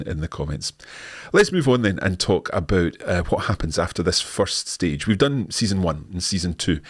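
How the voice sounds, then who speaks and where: Deep-voiced Scottish man answering questions. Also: no echo, clean studio sound. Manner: friendly, explanatory, frequent restarts. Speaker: language course host. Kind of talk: live Q&A, casual explaining.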